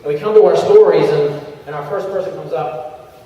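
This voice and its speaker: A man giving an energetic coaching talk to a convention crowd, acting out little scenes in changing voices. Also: fairly high pitch, normal speed, a little hiss or hum. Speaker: motivational speaker at a sales convention. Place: large convention hall. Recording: echoey convention hall, far from the mic, dull sound.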